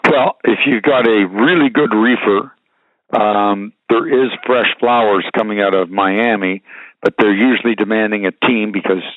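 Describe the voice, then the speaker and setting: A man's voice: on the low side, fairly even intonation, normal speed, dry recording. Folksy older man on a tinny line. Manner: frank, folksy, rambling with fillers. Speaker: guest, trucking business veteran. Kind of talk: casual advice and storytelling. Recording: dry, tinny phone-like sound.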